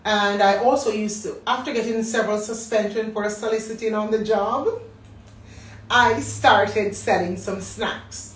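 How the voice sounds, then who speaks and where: Woman, Jamaican accent, thirties, animated storytelling, echoey room, far from mic. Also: medium pitch, unhurried. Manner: animated storyteller acting out quotes. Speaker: business talk host. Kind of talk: personal storytelling. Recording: roomy, distant mic.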